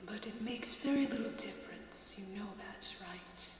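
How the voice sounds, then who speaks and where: A woman's voice: mid-range voice, a little slow, slight background noise, lightly acted. A woman voicing a bored, cruel shadow spirit in a taunting whisper, as whispered role-play, in an echoey, distant recording.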